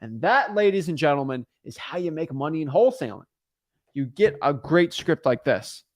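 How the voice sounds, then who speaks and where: A man's voice: a little high, very animated, moderate pace. Emphatic man coaching cold calls. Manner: emphatic, repetitive, acts out callers' voices. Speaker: real estate wholesaling coach. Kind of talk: energetic live-stream teaching.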